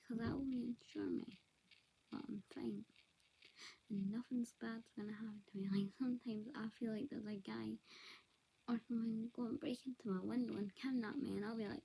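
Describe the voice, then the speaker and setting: Woman vlogger, confessional, half-whispered, gravelly and breathy. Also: fairly high pitch, steady tone, normal speed, poor audio. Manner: soft, often whispered, hesitant. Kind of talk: confessional monologue to camera.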